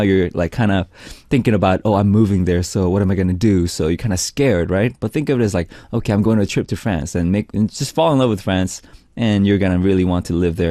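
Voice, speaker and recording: Relaxed, chatty male radio DJ. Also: deep voice, no echo, clean studio sound. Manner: relaxed, chatty, lots of "like" and "you know". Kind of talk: casual radio hosting, reading listener messages. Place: radio studio. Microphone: studio microphone.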